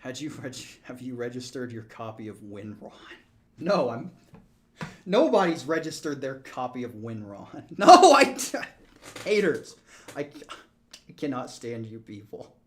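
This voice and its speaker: Slow-talking, jokey male game streamer. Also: medium pitch, big pitch swings, a little hiss or hum. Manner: laughing, joking, counting aloud. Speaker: gaming streamer. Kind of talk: casual live-stream chat.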